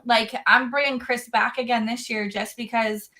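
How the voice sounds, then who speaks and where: Woman podcast host, somewhat high voice, candid and excitable, swears casually. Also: moderate pace. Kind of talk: casual chat.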